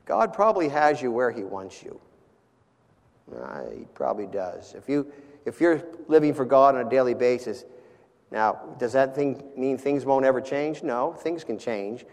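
A man preaching a sermon and reading scripture aloud, then closing in prayer, moving between loud emphasis and quiet, soft passages. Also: medium pitch, expressive, normal speed. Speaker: pastor. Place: church sanctuary. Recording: long reverb of a church hall.

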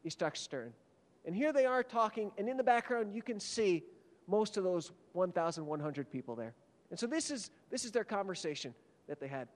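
High-voiced preacher in a reverberant hall. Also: male voice. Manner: dramatic storytelling, swinging from loud peaks to hushed whispers. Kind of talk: sermon.

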